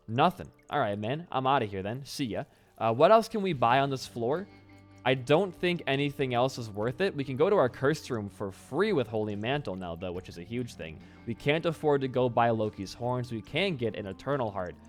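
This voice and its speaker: Young man, casual gameplay commentary, animated up-and-down voice, faint music behind. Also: medium pitch. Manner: rambling, self-deprecating, swears freely. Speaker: gaming YouTuber.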